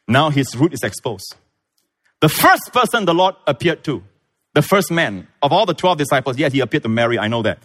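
Male pastor preaching, voice climbing high then dropping low, acts out the people in the story. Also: brisk. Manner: animated storytelling, acts out voices, big pitch swings. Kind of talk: sermon.

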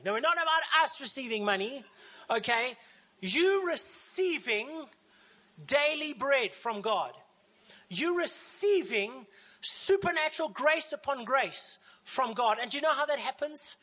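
A woman pastor preaching a sermon in a lively way, often acting out the voices of the people she quotes. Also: high-pitched, measured pace.

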